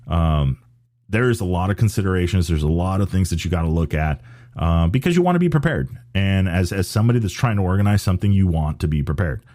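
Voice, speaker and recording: A man's voice: deep voice, warm tone, no echo, clean studio sound. A man hosting a podcast, chatting casually about off-road racing and rambling with many restarts and fillers. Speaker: podcast host.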